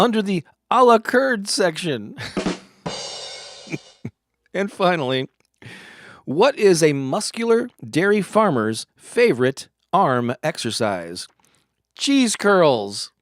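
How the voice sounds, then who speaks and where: Man, live stream host, corny joke segment, laughs at own puns, lively swooping pitch, dry close sound. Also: slow, no echo.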